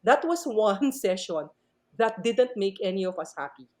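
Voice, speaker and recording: A middle-aged Filipino woman tells stories in an interview, mixing English and Tagalog. Her pitch leaps and swoops as she acts out the dialogue. She talks like a professor, strict but expressive. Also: moderate pace. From Philippines. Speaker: math professor and podcast guest. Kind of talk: animated storytelling interview.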